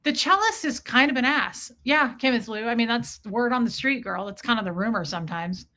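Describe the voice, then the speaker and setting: Bright, animated woman chatting on a live stream. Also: a little high, fairly quick. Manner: candid and animated, swears, mocks a condescending ex in quoted voices. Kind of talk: casual live-stream chat reading viewer comments.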